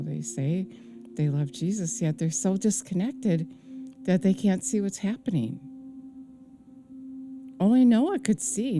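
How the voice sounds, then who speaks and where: A woman preacher giving an earnest, conversational sermon with frequent fillers. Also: on the low side. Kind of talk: casual sermon. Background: singing bowl music.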